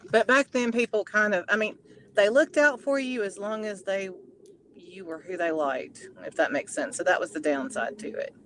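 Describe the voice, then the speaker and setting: A man's voice: high-pitched, normal speed, a bit bright, slight background noise. A man co-hosting a casual chat, reflective and agreeable. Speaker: co-host.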